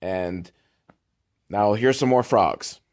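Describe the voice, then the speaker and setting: A young man giving sarcastic, deadpan commentary on a film, exasperated and swearing, with sudden loud outbursts. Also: fairly low pitch, slow. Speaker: host riffing on a film.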